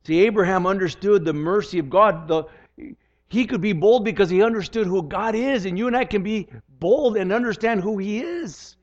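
Sitting high at a normal speed, this older pastor's voice comes through a dull, lo-fi recording. He preaches sincerely, frequently doubling back on words to restart his sentences.

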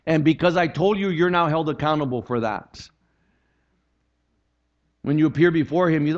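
A man's voice: a little high, moderate pace, highs cut off. A male pastor preaching a sermon, quoting scripture and appealing earnestly to his congregation. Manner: preaching, animated with rising emphasis and scripture quotes.

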